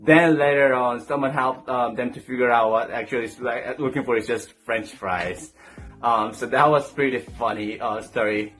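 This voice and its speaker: A man's voice: mid-range voice, normal speed, fairly bright tone, soft background music. A young man from South Korea, speaking English with a Korean accent, telling funny stories in a storytime vlog and acting out the people in them as he laughs. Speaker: vlogger.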